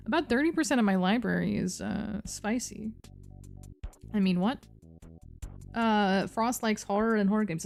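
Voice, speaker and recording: A young woman from New Jersey with a New Jersey accent, chatting casually on a live stream, reading chat aloud, playful and giggly, swearing freely. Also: medium pitch. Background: faint background music.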